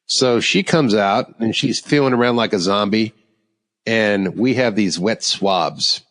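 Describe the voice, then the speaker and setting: A man's voice: on the low side, a little slow, a bit bright, long reverb tail. A man hosting a podcast, telling stories in casual chat and laughing through them. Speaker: podcast host.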